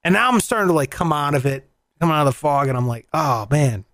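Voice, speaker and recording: A man hosting a show, telling a story in casual, profane, animated chat and acting out the voices in it. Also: fairly high pitch, fast, dry recording. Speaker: radio show host. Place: in Las Vegas.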